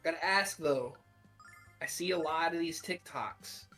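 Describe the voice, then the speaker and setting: A man's voice: on the high side, unhurried, sharp tone, soft background music. A man chatting casually with friends, teasing and laughing often. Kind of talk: casual chat.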